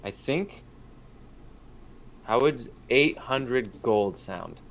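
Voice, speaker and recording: A man's voice: medium pitch, animated, gravelly, slight background noise, exaggerated voice. A man voicing a jittery male gnome inventor who gets flustered and repeats himself. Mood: fussy. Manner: flustered, repeats himself, talks fast in bursts.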